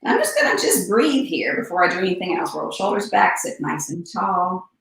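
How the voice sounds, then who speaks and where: A woman teaching a one-on-one yoga session, cueing poses and breathing with calm, unhurried instruction and soft breathy asides. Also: on the low side, distant mic. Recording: echoey room, voice a bit off-mic.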